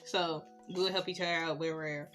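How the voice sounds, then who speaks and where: A woman's voice: low voice, fairly quick, faint music behind. A young woman, chatting casually about her school years while doing her makeup. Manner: chatty, animated when retelling stories. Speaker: beauty vlogger.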